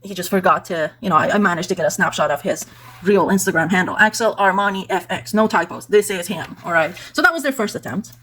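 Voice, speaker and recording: A woman's voice: on the low side, fast talker, fairly bright tone. A woman vlogger walking through screenshots in casual, exasperated talk, peppered with "like" and "blah, blah". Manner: indignant, exasperated; conversational, with fillers like "like" and "blah, blah".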